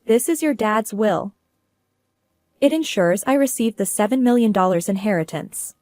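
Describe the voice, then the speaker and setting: A woman's voice: mid-range voice, animated, moderate pace, a little mellow, no room sound. A woman narrating a first-person drama story in a cool, businesslike manner.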